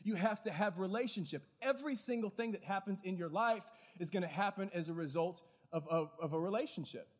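A man preaching a sermon as pastor, with animated, lively storytelling in quick bursts. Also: high-pitched, big-room sound. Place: church hall.

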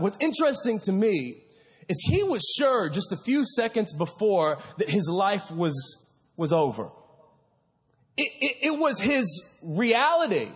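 A man's voice: high-pitched, husky. A man in his thirties preaching a sermon, telling a story in a casual, conversational way with lots of fillers and restarts. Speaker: pastor. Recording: reverberant hall.

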